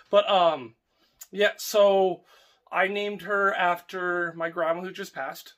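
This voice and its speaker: A young man with a fairly high voice chats casually to his viewers. He rambles, trails off and restarts his sentences, filling the gaps with ums and uhs. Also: fairly even intonation, takes it slowly, a bit bright. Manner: rambling and affectionate, with many fillers and restarts. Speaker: homestead vlogger. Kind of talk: casual vlog chat.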